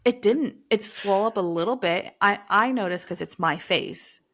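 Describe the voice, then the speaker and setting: A woman's voice: medium pitch, normal speed, a bit bright. A woman in her thirties co-hosting a podcast, telling everyday stories in casual chat and laughing as she talks. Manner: chatty storyteller, laughs mid-sentence. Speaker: podcast co-host.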